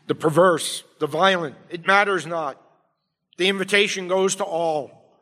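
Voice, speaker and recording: A man preaching a sermon as pastor, emphatic, swinging between quiet, low passages and loud, urgent appeals. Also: measured pace. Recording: long hall reverb.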